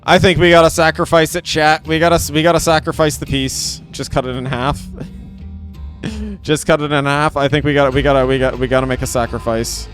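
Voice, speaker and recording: A man's voice: a little high, fairly even intonation, fairly quick, fairly bright tone, soft background music. A man giving casual live gameplay commentary, playful and rambling, repeating phrases and talking to his chat. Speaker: game streamer.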